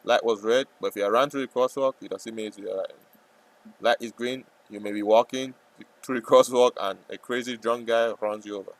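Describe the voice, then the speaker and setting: A man's voice: mid-range voice, fairly even intonation, a little fast, poor audio. Rambling, jokey man streaming his trades. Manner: rambling, jokey, bursts into loud playful yelling. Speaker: trading streamer. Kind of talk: casual live-stream commentary.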